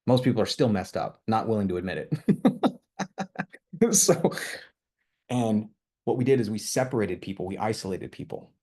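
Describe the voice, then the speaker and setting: A man's voice: fairly low pitch, expressive, unhurried, long pauses, warm tone, husky. A man with a toddler at home, giving an impassioned motivational training talk to his team. He rambles, restarts his sentences and keeps tagging them with questions. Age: young adult to middle-aged, with a toddler.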